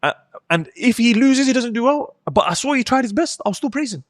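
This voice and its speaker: A man's voice: very high voice, lively intonation, a little fast, dry recording, studio quality. A man in his thirties who speaks thoughtfully and hesitantly in a casual podcast chat, often restarting his words. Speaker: podcast co-host.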